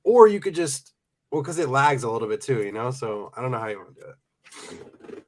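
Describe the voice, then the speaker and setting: A young man, a reseller, hosts a casual live stream in a very animated mid-range voice at normal speed. He talks with viewers, reads out their comments, and frequently laughs.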